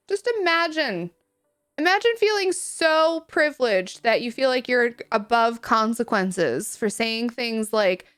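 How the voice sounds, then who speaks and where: A chatty young woman talks through her game in a slightly high voice, joking at her own expense and giggling between thoughts. Soft game music runs quietly underneath her. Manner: chatty, self-deprecating, giggly. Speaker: streamer. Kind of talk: casual gameplay chat.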